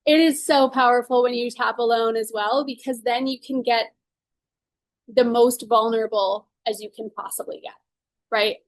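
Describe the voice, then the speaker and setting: A woman's voice: fairly high pitch, fairly even intonation, moderate pace, dry recording. A woman leading a guided tapping session and teaching casually, earnest and upbeat, often saying "like" and "right?". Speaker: EFT tapping coach.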